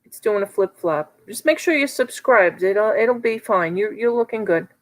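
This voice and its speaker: A woman's voice: mid-range voice, lively intonation, normal speed, low-quality recording. A woman with a New York accent calling a live online auction, chatty and teasing bidders by name.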